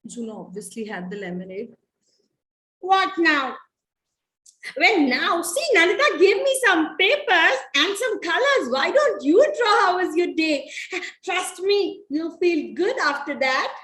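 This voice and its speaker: A woman storyteller performing a puppet show, speaking in a gentle, coaxing way. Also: extremely high pitch, big pitch swings, a little slow, echoey room.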